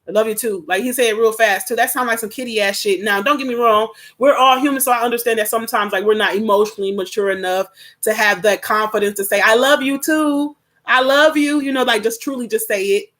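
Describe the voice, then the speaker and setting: A young adult woman giving a live tarot reading in a blunt, profane, slangy way, breaking into loud laughter often. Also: mid-range voice, steady tone, fast talker. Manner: casual slangy talk. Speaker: tarot reader.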